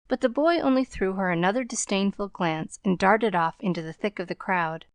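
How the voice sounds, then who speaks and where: A woman narrating a novel in a calm, measured storytelling voice. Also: medium pitch, dry recording, clean studio sound. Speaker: audiobook narrator. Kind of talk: scripted narration.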